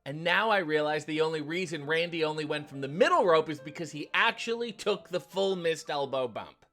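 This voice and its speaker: A man with a high voice hosts a comedic recap of an old sitcom episode. He tells it in a sarcastic, profane way. Quiet music plays underneath. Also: a little fast. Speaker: host.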